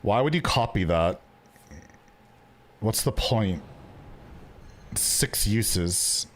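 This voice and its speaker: A man's voice: fairly low pitch, lively intonation, very slow, slight background noise. Chatty man streaming a card game. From Canada. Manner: chatty, joking, stumbles and repeats words. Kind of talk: casual gameplay commentary.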